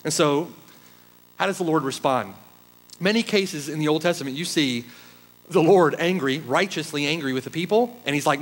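A man delivers a sermon with a notably high-pitched voice. He preaches emphatically, driving his points home with repeated rhetorical questions aimed at his listeners. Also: expressive, a little fast, low-quality recording. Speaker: pastor. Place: church.

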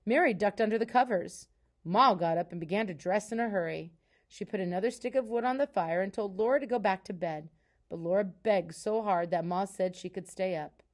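A woman, a teacher, reading a children's novel aloud in a calm, soft storytelling voice. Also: mid-range voice, brisk.

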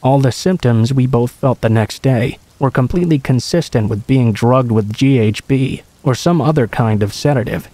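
A man narrating a true horror story in a calm, conversational storytelling manner. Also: mid-range voice, moderate pace, hardly any pauses, no room sound. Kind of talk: scripted narration.

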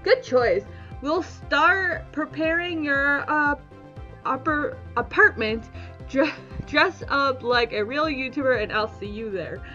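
Give me a friendly guide welcoming a newcomer, read by a woman, high and unhurried. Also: sharp tone, dull audio, soft background music, exaggerated voice. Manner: slow, careful reading with small stumbles. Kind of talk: reading game dialogue aloud.

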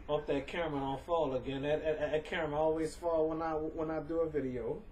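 A man's voice: on the high side, fairly even intonation, a little fast, darkish tone. A man talks casually at home for a home video, chatty and coaxing, often stammering and repeating words. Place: indoors at home. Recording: voice distant from the camera mic, faint room noise.

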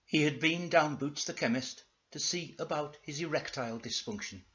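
A man giving comic storybook narration in a low, deadpan manner, on a dull lo-fi recording. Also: moderate pace, hardly any pauses.

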